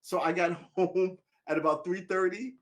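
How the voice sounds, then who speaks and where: Speaking at a normal speed in a high, steady voice, this middle-aged man chats on a laid-back live stream. A little tipsy from drinks, the vlogger rambles, curses, and starts over again and again.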